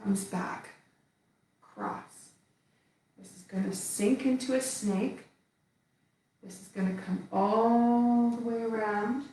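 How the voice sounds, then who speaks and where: A woman leads a qigong class, calling out each movement slowly and calmly as she performs it. Her voice rings in a very echoey room and sits well back from the mic. A faint hiss of room noise runs underneath. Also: on the high side, recorded from a distance. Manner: calm step-by-step cueing while moving. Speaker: qigong instructor.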